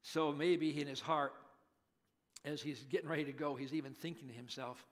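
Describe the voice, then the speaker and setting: A middle-aged male pastor preaching a sermon, dramatically acting out pleading voices and hushed prayers. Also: fairly high pitch, steady tone, moderate pace.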